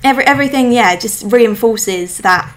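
A woman's voice: fairly high pitch, moderate pace, slight background noise. A woman with a slight lisp, hosting a casual podcast chat from home and talking in an emphatic, chatty way. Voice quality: lispy. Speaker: podcast host.

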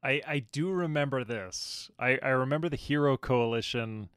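A laid-back man chiming in to a casual conversation, reminiscing about old times. His voice sits in a mid pitch and is recorded very dry, with no room sound. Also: moderate pace, fairly bright tone, smooth, no echo. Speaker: co-host. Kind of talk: casual chat.

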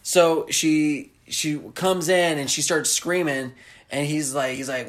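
A man from the American South in casual chat, rambling excitedly and acting out movie lines. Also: fairly high pitch, takes it slowly.

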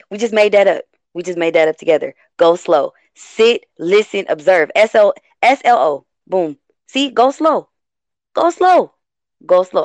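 A woman from the West Coast hosting a casual talk, rambling and animated, often stopping herself mid-thought. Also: on the high side, dry recording. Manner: animated, rambling, self-interrupting. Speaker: host. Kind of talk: casual talk show chat.

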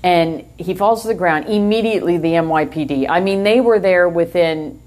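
An older woman, co-hosting a podcast and telling a long story in a lively, animated way, often laughing. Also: fairly low pitch, moderate pace. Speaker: podcast co-host. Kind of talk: casual storytelling chat.

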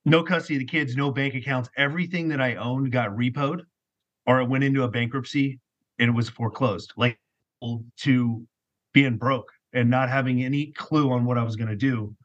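Man, podcast guest, breathy voice, candid storytelling, dull audio. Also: mid-range voice, steady tone, normal speed. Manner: candid, repeats words when telling his story. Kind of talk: casual storytelling.

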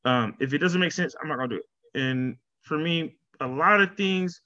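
Bright, animated man on a lo-fi mic. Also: fairly high pitch, moderate pace. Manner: animated, laughing, lots of repeated words. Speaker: vlogger. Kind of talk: casual talk to camera.

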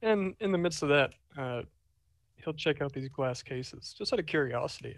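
Chatty, jokey male player with a higher voice. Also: animated, vocal fry, no room sound, low-quality recording. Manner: chatty, jokey, quick to apologize. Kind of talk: casual role-play chat.

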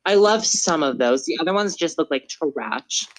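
A woman's voice: sits low, expressive, normal speed. A teenage girl chatting casually with friends on a call and teasing them with short remarks. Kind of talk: casual chat.

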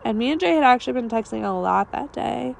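A woman, co-hosting a podcast, telling a long personal story in a raspy voice with many fillers while losing her voice. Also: fairly high pitch, animated, fast talker, slight background noise. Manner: rambling, filler-heavy storytelling. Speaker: podcast co-host. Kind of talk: casual storytelling chat.

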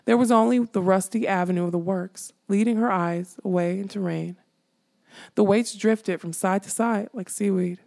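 A woman narrating a fantasy audiobook with steady storytelling. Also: medium pitch, normal speed, vocal fry. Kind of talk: scripted narration.

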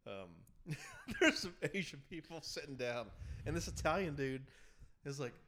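A man's voice: fairly high pitch, animated, normal speed, sharp tone, slight background noise. A man co-hosting a podcast, chatting casually and rambling with many fillers and casual swearing. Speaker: podcast co-host. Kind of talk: casual chat.

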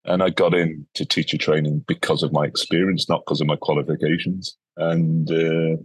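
A man tells stories as a guest in a relaxed interview. His voice is low and a bit husky. He acts out the people he quotes, and the recording is dry with little room sound. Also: normal speed, no room sound. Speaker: educator guest. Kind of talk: casual interview storytelling.

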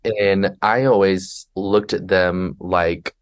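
A man with a fairly low voice, chatting casually as a guest on a podcast. He tells stories animatedly and slips into the voices of the people he quotes. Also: moderate pace. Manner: animated storyteller who acts out passengers and himself. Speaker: podcast guest, flight attendant. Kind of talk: conversational podcast interview.

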